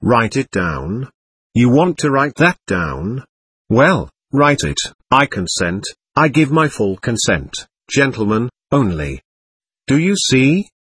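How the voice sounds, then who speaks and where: A man reading an excitable, slightly drunk man under interrogation, who pleads nervously and repeats himself. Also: mid-range voice, slow, slightly rough, dry recording, full character voice. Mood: insistent. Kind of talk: audiobook reading.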